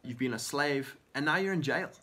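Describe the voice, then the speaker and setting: Co-hosting a faith talk show, a man offers conversational Christian encouragement, earnest and uplifting, and often acts out prayers as quotes. His mid-range voice is bright and forceful, at a normal speed.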